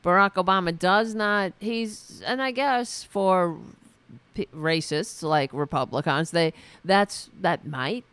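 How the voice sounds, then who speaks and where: A man with a high, slightly bright voice and a clear, resonant tone, recorded without echo, hosts a solo political commentary show. He rants angrily with sarcasm and profanity, halting often, restarting sentences and using many fillers.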